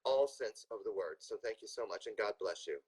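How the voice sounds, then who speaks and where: A man's voice: on the low side, lively intonation, fairly quick, a little mellow, slightly rough, poor audio. A man hosting a live video show, thanking his guest with effusive praise. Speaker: host.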